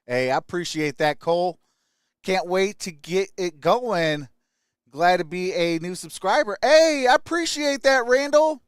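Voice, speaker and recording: A man's voice: high voice, a bit bright, clean tone, no echo, studio quality. Upbeat man hosting a live stream. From Michigan. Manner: upbeat, greets viewers by name, frequent "hey". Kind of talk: casual live-stream chat reading comments.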